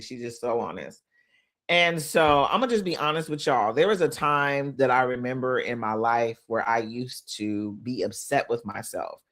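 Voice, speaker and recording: A woman business coach talking casually in a motivational live stream, speaking straight to her viewers and reading out their comments, with loud emphatic bursts between quieter asides. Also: rumbling low. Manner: animated, talks straight to viewers, reads out comments.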